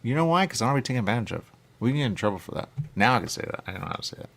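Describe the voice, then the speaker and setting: A man's voice: mid-range voice, very animated, very fast, gravelly, fairly bright tone. A man hosting a talk radio show, chatting casually in a rambling way and often checking in with "okay?". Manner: chatty, keeps saying "okay?" and "there you go".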